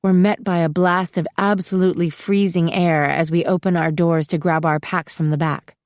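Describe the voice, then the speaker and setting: A woman narrating a first-person audiobook with steady, even storytelling, recorded close in a dry studio. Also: lowish voice, normal speed, dry recording.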